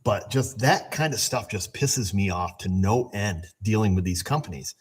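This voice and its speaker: A man who runs an auto repair shop tells a story in a casual, animated, exasperated way and swears as he rants. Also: lowish voice, moderate pace, breathy edge. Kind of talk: casual shop vlog rant.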